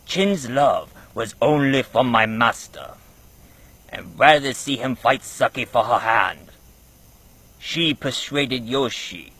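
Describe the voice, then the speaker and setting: A wise old rat sensei speaks low and solemn, as a man puts him on. His husky voice stays bright at the edges. He tells his past slowly, like a storybook master. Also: no echo. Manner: slow, hushed storytelling.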